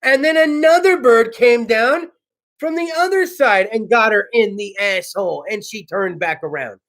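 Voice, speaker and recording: A man hosting a casual internet talk show, telling stories in a slangy, profane, animated way with sudden whoops. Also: very high-pitched, moderate pace. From California.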